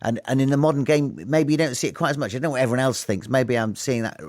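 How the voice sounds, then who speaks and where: A man's voice: mid-range voice, fast talker, darkish tone, no echo, clean studio sound. A man giving his thoughts on a radio football show, rambling and restarting as he thinks aloud. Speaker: studio pundit.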